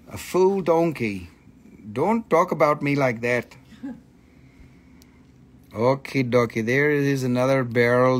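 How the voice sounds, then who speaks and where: A creaky, medium-pitched male voice belongs to a host selling minerals on a livestream. He chats casually and excitedly with viewers, joking and swearing freely as he goes.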